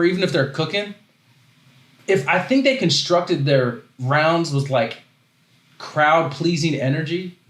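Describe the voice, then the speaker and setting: A man's voice: fairly high pitch, echoey room. A man hosting a casual livestream, rambling and interrupting himself as he reads chat aloud. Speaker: host.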